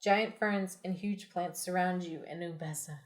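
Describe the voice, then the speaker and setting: A woman's voice: fairly low pitch, steady tone, moderate pace. A woman hosting a podcast, reading an adventure gamebook aloud to friends in a casual, giggly way that keeps breaking into laughter. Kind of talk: casual read-aloud with banter.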